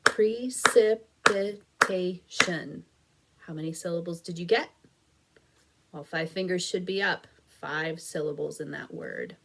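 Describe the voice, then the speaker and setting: A woman teacher giving a recorded phonics lesson to young children, encouraging and patient, drawing words out slowly as she claps syllables. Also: sits low, very animated, gravelly, a bit bright, slight background noise. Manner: slow, stretched-out clapping of syllables.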